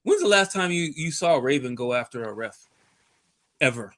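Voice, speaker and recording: Bright, lively sports podcast man. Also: mid-range voice, moderate pace. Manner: exasperated, lively, laughs easily. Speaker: podcast co-host. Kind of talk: casual sports talk.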